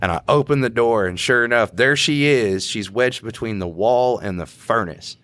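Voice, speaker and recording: A man's voice: mid-range voice, moderate pace, a bit bright, no room sound. A man, a podcast co-host and police officer, telling work stories in a laid-back drawl. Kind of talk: casual storytelling.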